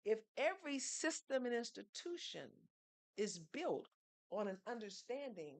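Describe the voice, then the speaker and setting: A woman's voice: on the high side, very animated, unhurried, no room sound. A woman, speaking as a podcast guest who tells her story in an earnest, teaching way and poses rhetorical questions. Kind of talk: storytelling conversation.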